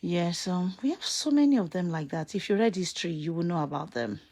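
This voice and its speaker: Nigerian woman vlogger, lower register, loose chatty monologue that wanders and fills pauses while she hunts for names. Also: slightly rough. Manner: rambling, reminiscing, trails off searching for names; grows loud and excited when a memory comes back. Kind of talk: casual monologue to viewers.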